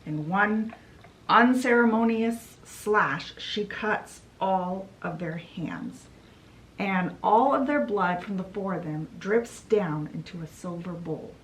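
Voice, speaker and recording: A woman's voice: medium pitch, slow, rough recording. A young woman retelling a novel's plot in a casual, chatty vlog style. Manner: storytelling with fillers like "she's like". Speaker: book vlogger. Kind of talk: casual book summary.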